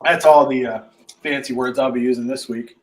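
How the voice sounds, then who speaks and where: A man's voice: mid-range voice, steady tone, a little fast. Podcast co-host, man with Pittsburgh accent, loose rambling jokey delivery. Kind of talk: casual chat.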